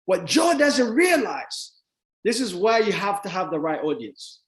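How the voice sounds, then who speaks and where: A man giving a motivational talk to an audience, telling a story with emphatic, rising delivery that builds to near-shouts. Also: sits high, big pitch swings, unhurried, reverberant. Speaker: motivational speaker.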